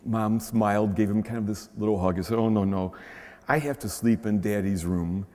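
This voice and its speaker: A man's voice: lowish voice, normal speed, darkish tone. A man with a Midwestern American accent preaching a conversational sermon, often adding a questioning "huh?" to his points. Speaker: pastor. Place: large church shrine. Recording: long reverb of a large church.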